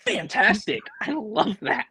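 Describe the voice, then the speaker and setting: A young man with a thick New York accent talks in an animated, excitable way and swears freely. He is a wrestler chatting as a guest on a casual podcast. His voice sounds dry and close, with no room around it. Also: high voice, unhurried, creaky, husky, no echo.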